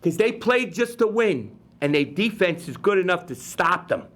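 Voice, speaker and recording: Excitable high-voiced New York TV host. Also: male voice, moderate pace. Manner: rambling, excitable, jokey. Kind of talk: live local-TV sports picks. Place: community TV studio.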